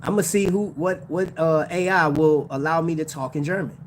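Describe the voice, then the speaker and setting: A man's voice: a little high, steady tone, normal speed, slight background noise. A man hosting a casual livestream about watches, talking in slang, laughing often and addressing his chat. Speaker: watch channel host.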